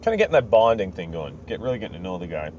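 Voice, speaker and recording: In a rapid-fire, low voice with big pitch swings and a slightly mellow tone, a man recaps a video game's story on his podcast. He rambles and jokes, uses lots of fillers and acts out quotes. The recording is muffled, with slight background noise.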